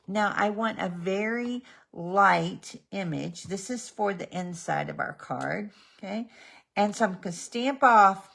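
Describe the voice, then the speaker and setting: Slow, gravelly woman demonstrating crafts. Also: medium pitch, fairly bright tone. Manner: slow, chatty, talks to her pet between steps. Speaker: stamping demonstrator.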